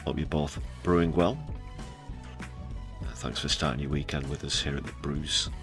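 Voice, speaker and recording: A man's voice: rumbling low, steady tone, moderate pace, fairly bright tone, soft background music. A British man hosting a live news stream, dry and sarcastic, sometimes putting on mock emotion. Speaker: livestream news host. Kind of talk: casual live news commentary.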